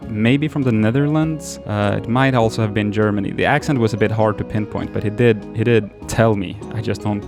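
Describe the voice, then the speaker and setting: Low-voiced man rambling through a story. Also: steady tone, brisk, hardly any pauses, music in the background. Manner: rambling, frequent restarts, swears casually. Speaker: vlogger telling a story. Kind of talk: casual story time. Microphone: camera mic.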